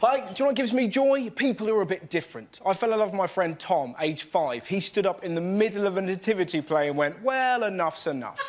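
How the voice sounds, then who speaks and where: Excitable high-voiced comedian. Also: male voice, fast talker, hardly any pauses. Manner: excitable, acts out shrieking voices. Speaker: comedian panelist. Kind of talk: stand-up routine on a panel show. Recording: live studio audience with heavy noise.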